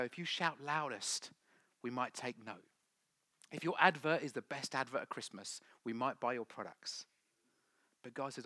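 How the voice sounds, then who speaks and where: Bright-voiced preacher. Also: male voice, medium pitch, normal speed, dry recording. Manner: swings from loud emphatic preaching to hushed whispers. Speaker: pastor. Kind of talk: sermon.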